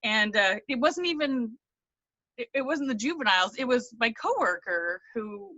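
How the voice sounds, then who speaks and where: Close to tears, a team member tells her story earnestly over a video call, rambling and starting over at times. She speaks at a moderate pace in a fairly high, bright, forceful voice with big pitch swings, and the recording is muffled without any echo.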